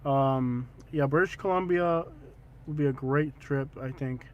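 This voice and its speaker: A man hosting a casual travel livestream, joking and teasing, with loud excited bursts. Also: medium pitch, slow pace, pauses often. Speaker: vlog host.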